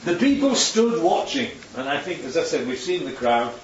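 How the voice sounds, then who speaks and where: A man's voice: a little high, big pitch swings, normal speed. A man giving an informal Bible teaching talk, chatty and full of tag questions. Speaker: preacher teaching from slides. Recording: echoey room, distant dull mic, faint hum.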